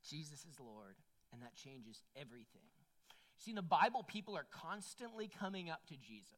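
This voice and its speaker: A woman's voice: deep voice, normal speed. A woman preaching a sermon in a conversational way, often checking in with "right?" and "like". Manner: conversational, animated, frequent "right?" and "like".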